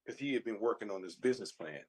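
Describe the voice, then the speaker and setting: A man's voice: fairly low pitch, animated, fast, a little mellow, slightly rough. A man who once played pro football, talking casually on a radio show in an earnest, storytelling way. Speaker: former football player, co-host.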